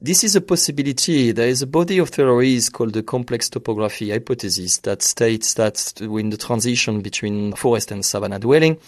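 A man's voice: medium pitch, brisk, hardly any pauses, no echo, clean studio sound. A man being interviewed as a researcher, explaining carefully with slightly non-native phrasing. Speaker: researcher guest. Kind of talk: interview answers.

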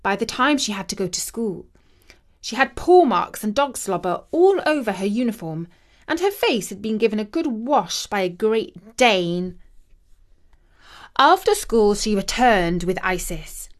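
A woman narrating a children's story in a measured, expressive way. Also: medium pitch.

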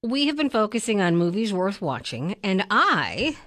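A woman co-hosting a film review podcast, chatting in a playful way with quick asides. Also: medium pitch, very animated, fairly bright tone. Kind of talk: casual chat.

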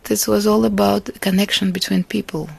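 A woman from Russia, a Russian native speaker, giving an interview about her life and art in an earnest, reflective way, with soft laughs between thoughts. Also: mid-range voice, flat delivery, a little fast, creaky, breathy edge, dry recording. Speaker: artist and interviewee. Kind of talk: interview answers.

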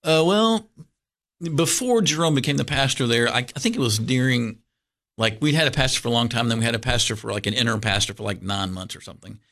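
Bright-voiced man telling a story. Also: mid-range voice, fast talker, vocal fry. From Kentucky, USA. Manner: rambling, animated storyteller with many fillers and restarts. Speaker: pastor, guest. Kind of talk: casual storytelling interview.

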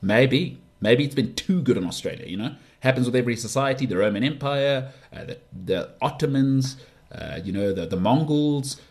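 Rambling man hosting a podcast. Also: moderate pace. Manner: animated, rambling, with big swings in pitch. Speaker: podcast host. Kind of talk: casual opinionated sports monologue.

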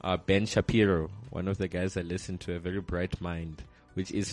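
A man co-hosting a podcast in casual chat, halting often with fillers and restarts. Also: low-pitched, faint music behind. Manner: animated, halting with many fillers. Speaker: podcast co-host.

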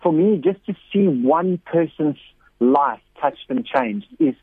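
A man with a slightly high, slow, faintly rough voice tells stories as a missionary guest in an interview, full of energy and repeated words. He acts out quotes by raising his voice. There's no echo, though the phone line sounds tinny.

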